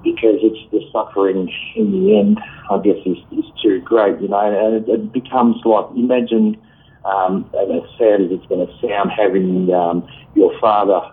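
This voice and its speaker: Blunt man in his fifties on the phone. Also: fairly low pitch. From Australia. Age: 50s. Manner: blunt, frank, halting with fillers. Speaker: caller. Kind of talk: call-in advice. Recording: tinny phone line.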